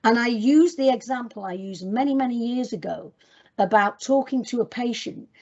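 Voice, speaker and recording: A woman's voice: on the high side, moderate pace, a little mellow, muffled recording. A woman presenting to clinicians in a webinar, talking directly and emphatically as she moves through her slides. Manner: direct, emphatic, addresses audience as guys.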